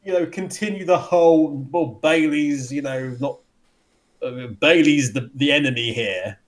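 Man, podcast co-host, rambly, a touch high. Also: measured pace. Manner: rambling, frequent restarts and laughs. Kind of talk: casual chat reviewing wrestling.

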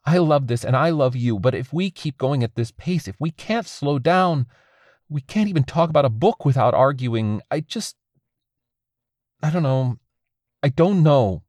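A woman's voice: extremely low pitch, expressive, a little slow, darkish tone, no echo, studio quality, voice pushed up, heavily acted. A man voicing an anxious, stubborn young woman who runs a freight train, talking in a tense, defensive, pleading way.

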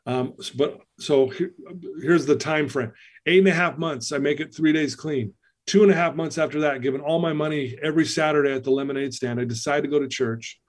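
A man's voice: a little high, fairly quick. A man as a podcast guest, telling a personal story in an earnest, emotional way. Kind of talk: storytelling in an interview.

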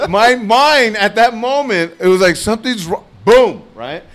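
Guy comic telling a bar fight story live, kinda high voice, really animated. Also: slow. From Latino. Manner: animated, acts out both sides of the story, swears freely. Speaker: stand-up comedian guest. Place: bar stage at a comedy festival, live audience.

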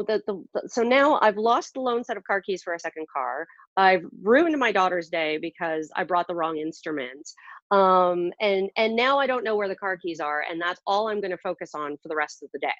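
A woman's voice: lowish voice, no room sound. Rambling, self-deprecating woman, muffled and dry. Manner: rambling, self-deprecating, many fillers and restarts. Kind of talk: casual conversational storytelling.

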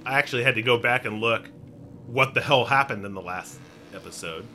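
A man's voice: medium pitch, fairly quick, pushed and bright, slight background noise. A man co-hosting a casual podcast, playful and jokey, slipping into hammy pirate bits. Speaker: podcast co-host. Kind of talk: casual chat.

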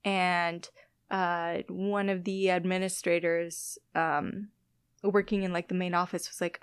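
A woman's voice: on the low side, level tone, a little slow, smooth, dry recording. A woman in her thirties from the US Midwest, chatting in an interview with frequent laughs and self-deprecating asides. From Illinois-Wisconsin border, US Midwest. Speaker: guest biologist. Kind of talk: casual interview chat.

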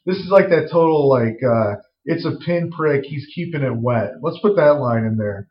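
A man casually pitching a film scene, rambling with lots of fillers and some swearing. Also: expressive, normal speed. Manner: rambling, full of "like" and "uh", profane. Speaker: screenwriter pitching a story. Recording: roomy, dull lo-fi recording.

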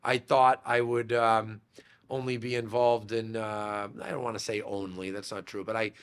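A smooth, fairly bright voice, pitched fairly low with little variation, belongs to a man who runs a real estate brokerage in Massachusetts. At a moderate pace on a podcast, he wanders through memories of his childhood, using lots of fillers and often restarting.

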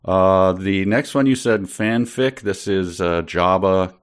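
Host, male, very deep, casual, reads excerpts with playful theatrical flair. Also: slow, clean tone. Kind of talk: reading excerpts aloud in casual chat.

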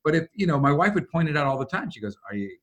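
A middle-aged man telling a story in a lively conversation. His pitch swings widely, and he briefly acts out the voices of the people in it. His voice sits a little higher than most men's. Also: racing. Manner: animated, acts out quoted voices. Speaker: guest.

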